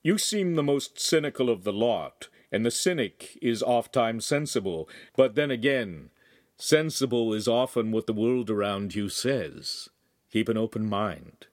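A man's voice: medium pitch, animated, unhurried, dry recording, clean studio sound, close to an everyday voice. A man voicing an old male monk elder who speaks solemnly in rhyme. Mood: sage. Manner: solemn, rhyming sayings.

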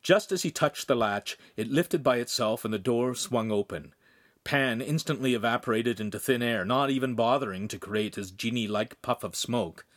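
A man narrating a young adult novel as an audiobook, with animated storytelling. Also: mid-range voice, moderate pace, no echo, studio quality. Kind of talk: scripted narration.

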